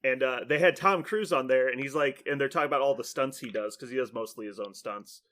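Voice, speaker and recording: A man hosting a podcast in casual chat, an animated storyteller who rambles with lots of "like" and laughs often. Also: medium pitch, fast talker. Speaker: podcast host.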